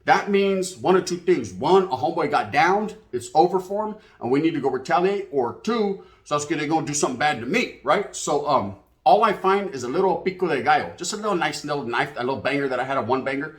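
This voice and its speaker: Fast-talking profane storyteller. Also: male voice, on the high side, expressive. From California. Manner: profane, slangy, sprinkled with Spanish words. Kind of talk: casual street storytelling.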